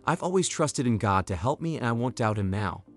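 A man reading the lines of a tearful grandmother in her sixties in an audio story, in a steady voice close to his own. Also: medium pitch, fairly quick, soft background music, lightly acted. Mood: sad.

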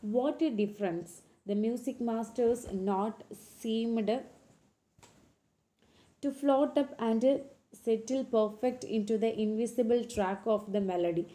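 A woman teacher with an Indian English accent reads a textbook lesson aloud slowly, stopping to explain words and correct her own slips. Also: on the high side, warm tone. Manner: slow, halting reading with frequent self-corrections. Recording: echoey room recording.

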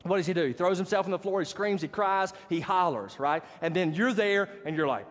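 A man's voice: high-pitched, brisk, hardly any pauses. A man preaching a sermon as pastor, telling a personal story and often checking in with the congregation. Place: church sanctuary. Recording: long church hall reverb.

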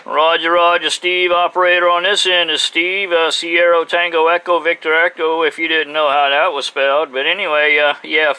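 A man's voice: fairly high pitch, level tone, normal speed, hardly any pauses, pushed and bright, smooth, rough recording. A man from South Carolina making a friendly CB radio call, recorded on a phone outdoors. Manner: friendly, formal radio procedure. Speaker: CB radio operator and channel host.

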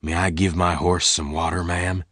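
Guy voicing a courteous big texan stranger, deep and slow. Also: flat delivery, a bit bright, dry recording, studio quality. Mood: polite. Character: big polite stranger from Texas in black.

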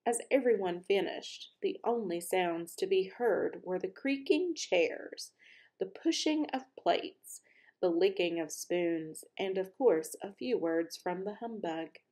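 Woman reading a children's novel aloud, unhurried and gentle, mid-range voice. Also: mid-range voice. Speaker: read-aloud host for children. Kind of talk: chatty intro and storybook read-aloud.

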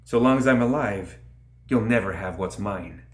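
A man's voice: lowish voice, moderate pace, close to an everyday voice. Man voicing a defiant warrior queen. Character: defiant nephilim queen, woman, stern and proud. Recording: roomy echo.

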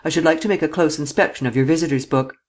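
A man's voice: on the high side, rapid-fire, lightly acted. A man reading an audiobook and voicing a short-tempered chief detective who snaps out orders. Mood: curt. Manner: curt, commanding. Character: curt ill-tempered male chief detective.

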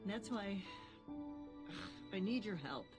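An actress playing a brash, teasing middle-aged witch in an animated series. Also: mid-range voice, very slow, music in the background. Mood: earnest. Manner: cocky, teasing, then earnest. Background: cartoon score.

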